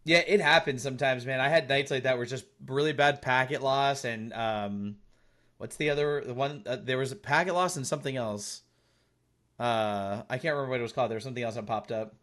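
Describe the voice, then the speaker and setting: A man's voice: medium pitch, brisk, a bit bright. A male game streamer chatting casually while playing, thanking viewers and teasing his friends. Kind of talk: casual live-stream chat while gaming.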